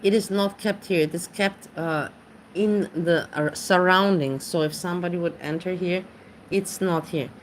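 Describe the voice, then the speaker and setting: Rambling low-voiced woman streamer. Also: moderate pace, slight background noise. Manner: rambling, chatty, greets chat by name. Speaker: livestream host. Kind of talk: casual livestream chat. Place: home.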